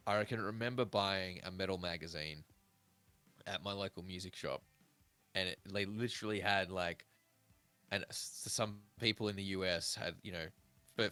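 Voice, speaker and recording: Lively, bright-voiced male podcast host. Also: low voice, moderate pace, clean tone, faint music behind. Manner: animated, swearing, rambling. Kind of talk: casual chat.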